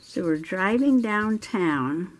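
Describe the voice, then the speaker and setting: Slow but animated, a middle-aged woman with a medium-pitched voice hosts a journaling video. She tells a chatty story as she colors, laughing frequently.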